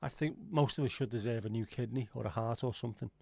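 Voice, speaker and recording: A man's voice: mid-range voice, fast, vocal fry, darkish tone, no echo. Rambling middle-aged man, livestream host. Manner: rambling, sweary, reads out chat comments. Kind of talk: casual livestream chat.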